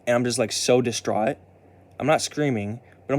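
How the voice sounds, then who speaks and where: A young man speaks at a middle pitch, neither high nor low, as he retells something painful from his own life. His speech is halting and full of false starts and repeated words, with the odd swear slipping out. He sounds shaken and upset as he talks straight to his viewers. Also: darkish tone. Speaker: vlogger. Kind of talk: casual personal storytelling.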